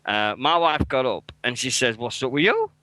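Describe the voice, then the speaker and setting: With big pitch swings in a medium, pushed, bright voice, this fortysomething English radio co-host talks at a normal pace, swearing a lot and speaking bluntly and emotionally in his British accent. The chat is casual, the audio poor and echo-free.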